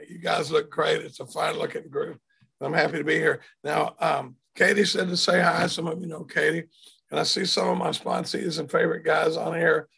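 Older man, hoarse and husky, chatty self-deprecating speaker on a home video call. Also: a little high, fairly bright tone. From Dallas, Texas. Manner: rambling, self-deprecating, repeats words. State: hoarse from throat trouble. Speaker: speaker telling his recovery story. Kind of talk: casual storytelling talk. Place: home, indoors.

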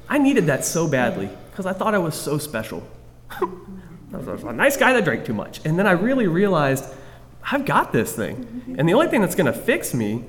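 A man sharing his recovery story candidly with a group, self-mocking and rambling, full of restarts. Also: sits high. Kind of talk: candid personal testimony to a group. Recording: long reverb of a hall.

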